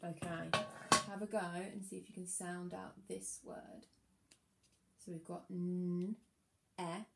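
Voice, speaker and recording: A woman teaching a phonics lesson to young children, encouraging them and sounding out words slowly. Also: lowish voice, little pitch movement, creaky, reverberant, noisy background. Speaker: primary school teacher.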